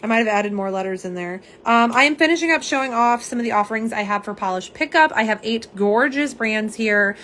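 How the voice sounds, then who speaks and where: A young woman with a slightly hoarse, fairly high voice hosts a casual live stream. She is chatty and self-deprecating and talks straight to her viewers. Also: a little fast, few pauses, fairly bright tone, slight background noise. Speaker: live stream host showing nail polish swatches.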